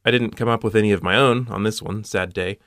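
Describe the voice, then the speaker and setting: A puzzle show host with a fairly low voice talks fast, reasoning methodically through each solution and dropping dry puns along the way. The recording is close and dry, with no room sound.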